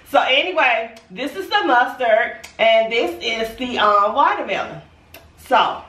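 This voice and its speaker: A woman's voice: fairly high pitch, fairly bright tone. A pregnant young woman chatting casually and sassily to her viewers in a food challenge vlog. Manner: chatty, sassy, talks straight to viewers. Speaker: vlogger. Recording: echoey room, mic at a distance.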